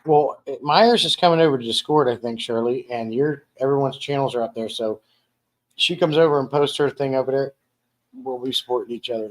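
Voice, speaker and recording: A man's voice: mid-range voice, brisk. Rambling male live stream host. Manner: rambling, with frequent restarts and repeated words; reads viewer comments aloud. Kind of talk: casual live stream chat. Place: dining room at home.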